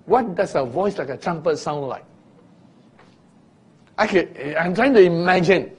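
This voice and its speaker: A man delivers a Bible teaching at an unhurried pace. His voice sits slightly high, and he often asks his listeners questions. Now and then he bursts into loud sound effects to illustrate a point. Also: expressive, breathy edge. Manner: slow, deliberate teaching with sudden loud vocal illustrations. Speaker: preacher.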